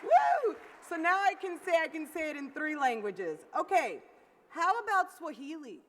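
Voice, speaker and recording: A woman's voice: sits high, very animated, moderate pace, a bit bright. A woman giving an interactive keynote at a conference, upbeat and coaxing the audience to call out greetings. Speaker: keynote speaker. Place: large conference hall. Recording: long hall reverb.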